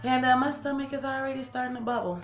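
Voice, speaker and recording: A woman's voice: high-pitched, steady tone, fast talker. A woman in her forties from Los Angeles, rambling through a long story as she eats on camera and corrects herself as she goes. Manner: rambling, chatty, self-correcting. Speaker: eating-show vlogger. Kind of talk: storytelling while eating on camera. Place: room at home, seated in a chair. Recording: roomy room with faint background music.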